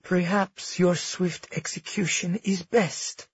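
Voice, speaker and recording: A man's voice: fairly high pitch, fairly even intonation, moderate pace, a little mellow, breathy edge, no echo, muffled recording. A man voicing a weary, guarded young empress who speaks tightly and coldly in an audiobook, close to his own voice. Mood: cold restraint. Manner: tight, cold.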